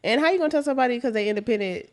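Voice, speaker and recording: A woman guest on a podcast in casual chat, blunt and quick with quips. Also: on the high side, animated, darkish tone.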